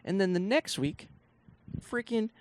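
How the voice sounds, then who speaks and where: A man's voice: high voice, lively intonation, measured pace. A young man from Northeast Ohio, a comedian, telling rambling stories on his solo podcast with lots of swearing and asides. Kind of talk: casual solo podcast storytelling.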